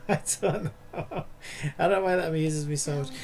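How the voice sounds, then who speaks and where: Streamer guy, gravelly voice, rambles with lots of like and you know, faint noise behind. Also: fairly high pitch, normal speed, a little mellow. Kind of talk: casual commentary while gaming.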